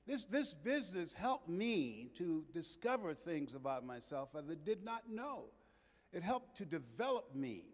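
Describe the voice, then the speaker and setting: A man giving a preacherly motivational speech to a live audience, repeating phrases and swinging between loud and soft. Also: high-pitched, very animated, unhurried, long reverb tail. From United States. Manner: preacherly, swells and drops in volume, repeats phrases for emphasis. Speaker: motivational speaker.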